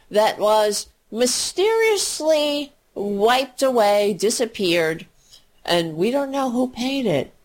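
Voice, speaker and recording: A woman giving an exasperated, profane political rant, mocking the people she talks about. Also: medium pitch.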